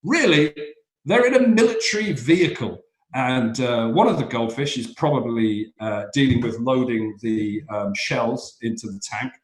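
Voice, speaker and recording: In an echoey room, a man with a mid-range voice teaches stand-up comedy during a live online session. He speaks at normal speed in an animated way, breaking down joke structure and acting out silly little voices.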